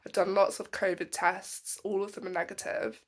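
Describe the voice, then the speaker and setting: A woman with a croaky voice from a cold, chatting casually to the camera on her phone with frequent ums. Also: mid-range voice, little pitch movement, moderate pace. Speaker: travel vlogger. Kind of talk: casual vlog chat. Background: background music.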